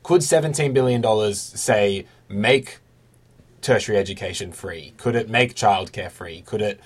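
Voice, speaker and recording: Low husky guy interviewing, firing off a bunch of questions at once. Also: normal speed. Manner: probing, stacks several questions.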